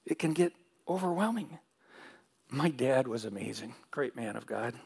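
A man's voice: medium pitch, animated, normal speed, vocal fry, darkish tone, breathy edge. A middle-aged man pastor preaching a sermon, telling stories and asking the audience questions, with repeated phrases.

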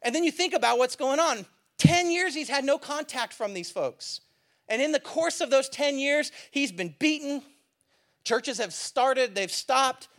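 A man preaching a sermon as a pastor, talking in a lively, conversational and emphatic way with playful asides. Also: very high voice, a little slow.

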